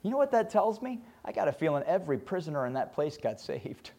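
A man preaching a sermon, retelling Bible stories with lively acted-out scenes and ending in prayer. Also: fairly high pitch, fast talker, vocal fry. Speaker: pastor.

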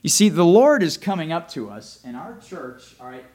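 Preaching man, loud then quiet. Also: a little high, big pitch swings, normal speed. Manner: conversational preaching, repeats "all right?" often; swings from loud emphasis to quiet, close talk. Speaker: pastor. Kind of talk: sermon.

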